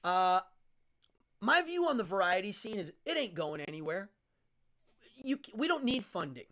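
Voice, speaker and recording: Blunt, middle-aged man, stage magician, hosting a talk show, casual storytelling, lively swinging pitch. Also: moderate pace. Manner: blunt, animated, frank.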